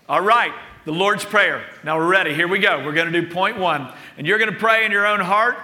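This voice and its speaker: A man, a pastor leading a congregation in slow, earnest prayer and teaching. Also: high voice. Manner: slow, earnest prayer with softer intimate passages. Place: church sanctuary with long reverb. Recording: long hall reverb.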